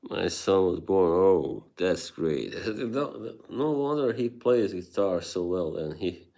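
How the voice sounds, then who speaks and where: A man's voice: low voice, expressive, takes it slowly, creaky, mellow. A man hosting a livestream, chatting casually with viewers and laughing often between remarks. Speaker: livestream host reading chat.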